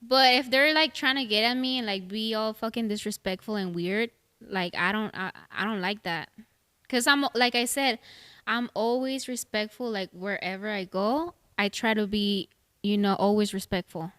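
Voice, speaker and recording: A woman's voice: medium pitch, normal speed, a bit bright, smooth. Woman speaking casually as a podcast guest. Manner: casual, swears freely, short reactive replies.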